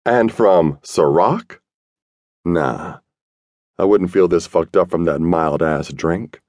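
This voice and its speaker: A man narrating a first-person audiobook in a streetwise, slangy, gruff manner. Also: sits low, slow, a little mellow, no echo, clean studio sound.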